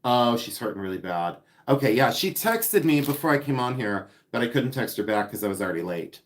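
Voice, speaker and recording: A man's voice: mid-range voice, big pitch swings, brisk. A man hosting a casual live stream while unboxing items, chatty and giggly, reading viewer comments aloud and repeating words for fun. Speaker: live-stream seller and host.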